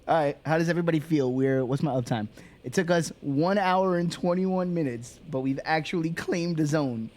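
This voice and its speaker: A man's voice: on the high side, moderate pace, darkish tone. A man chatting casually while streaming a game, rambling and laughing often. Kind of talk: casual chat while gaming.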